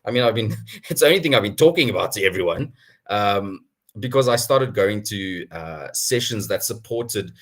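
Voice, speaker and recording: Lively man, low voice. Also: moderate pace. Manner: animated storytelling, chuckles often. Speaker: guest speaker. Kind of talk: personal career story at an online town hall.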